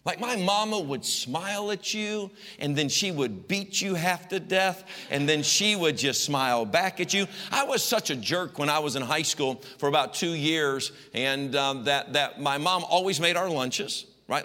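A middle-aged pastor telling stories in a sermon, animated and folksy, swinging between loud and hushed. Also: male voice, a little high, moderate pace, hardly any pauses. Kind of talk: storytelling sermon. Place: church sanctuary. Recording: long church reverb.

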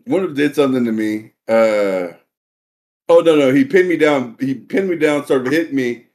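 A man's voice: mid-range voice, normal speed. A man on a podcast telling a story in casual talk, swearing often and acting out the scenes. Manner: profane, animated, acts out scenes. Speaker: podcast co-host.

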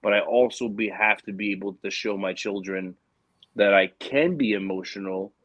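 A man's voice: fairly low pitch, normal speed, fairly bright tone, no room sound, dull audio. A young adult man telling a personal story in casual conversation, earnest and rambling with many restarts.

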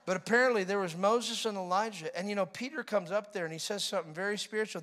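High, bright-voiced preacher man, animated. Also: fast, hardly any pauses. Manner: animated, jokey, acts out voices with loud outbursts. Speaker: pastor. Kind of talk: sermon.

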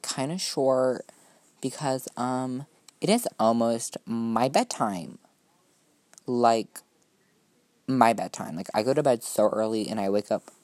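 A man's voice: medium pitch, a little mellow, no echo. A young man, a student, hosting a rambling solo podcast. He talks in a gushing valley-girl drawl full of "like" and "oh my god", swears casually, mocks himself and keeps jumping between topics. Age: young adult student. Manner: scattered, self-mocking, jumps between topics. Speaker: podcast host.

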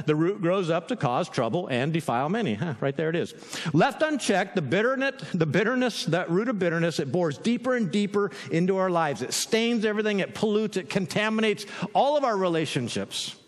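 A man delivers a sermon with a high, lively voice that swings up and down. He talks like he's chatting with his congregation, and a long reverb trails his words through the room. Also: a little fast. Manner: conversational, animated, asks "right?" often, with laughs. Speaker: pastor.

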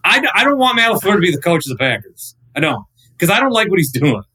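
A man in his thirties, a radio host guesting on a podcast, chatting casually and telling animated, rambling stories full of restarts. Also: high voice, fast, slightly rough, rough recording.

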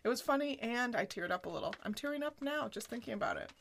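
Female podcast co-host, chatty and animated, slightly high voice. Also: fast, a little hiss or hum. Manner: animated retelling, full of "like" and laughter. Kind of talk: casual chat recapping a sitcom episode.

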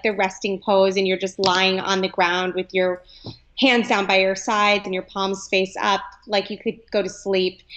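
A woman's voice: medium pitch, a bit bright. A young adult woman, a yoga teacher, talking earnestly in a podcast interview and filling her speech with "like.". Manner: earnest, chatty, lots of "like".

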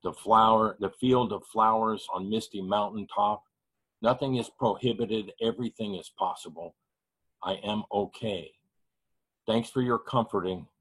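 A man reading his own poetry slowly and heavily at an online open mic, grieving and measured. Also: fairly low pitch, a bit bright, breathy edge, low-quality recording. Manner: measured, heavy pauses, grieving. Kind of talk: slow spoken-word poetry reading.

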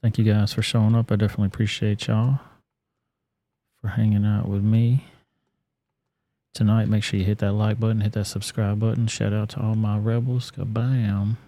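A man's voice: on the low side, little pitch movement, normal speed, mellow. A man hosting a live stream, commenting casually and with plenty of profanity. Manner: casual and profane, loose with fillers.

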